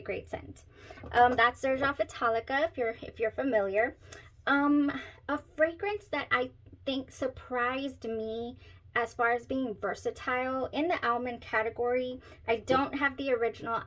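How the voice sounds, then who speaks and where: A woman's voice: on the high side, rough recording. A woman hosting a casual perfume review vlog, chatty and giggly, often trailing off into searching asides. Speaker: perfume reviewer, channel host.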